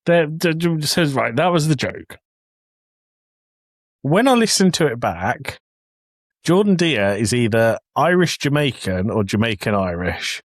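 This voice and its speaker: A man's voice: mid-range voice, sing-song, a little slow, no room sound. A young English man co-hosting a podcast, telling a story in a joking way and laughing often. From England. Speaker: podcast co-host. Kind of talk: casual chat. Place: home office.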